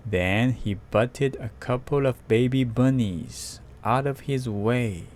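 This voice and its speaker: A man reading a picture book aloud slowly and carefully, with spoken sound effects. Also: medium pitch, darkish tone. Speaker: storyteller.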